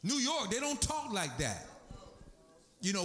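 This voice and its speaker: Emphatic preaching man, lively pitch. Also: unhurried, long pauses. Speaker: pastor. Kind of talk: sermon. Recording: echoey room.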